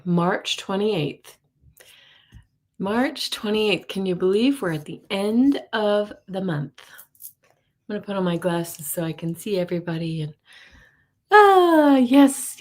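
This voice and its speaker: Slow-talking woman hosting a live chat. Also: mid-range voice. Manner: greets viewers one by one by name, chatty, laughs often. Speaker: psychic reader hosting a live stream. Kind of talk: casual live-stream chat.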